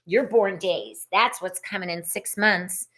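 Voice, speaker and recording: A woman runs a live tarot reading in an easy, unhurried way. She chats freely, greets viewers by name and laughs often between the cards. Her voice sits at a middle pitch. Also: a bit bright. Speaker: tarot reader hosting a live stream.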